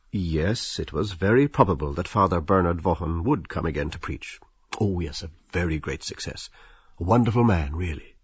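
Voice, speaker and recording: A man narrating a novel as an audiobook, expressive and slipping into the characters' inner voices. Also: deep voice, husky, dry recording, lo-fi sound.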